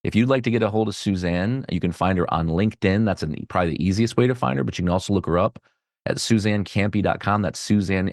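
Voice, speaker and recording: Deep-voiced male podcast host, dry sound. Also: fast talker, no room sound. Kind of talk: casual interview chat. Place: home office.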